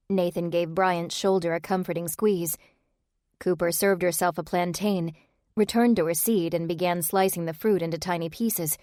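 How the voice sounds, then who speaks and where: Casting: measured audiobook narrator, woman, lower voice, dry booth sound. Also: fairly even intonation, a little mellow, no room sound.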